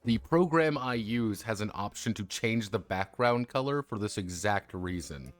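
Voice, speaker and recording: On a livestream, a man with a lowish voice and lively intonation chats casually about tabletop role-playing games at a moderate pace. He rambles, mocks himself, and keeps restarting his sentences.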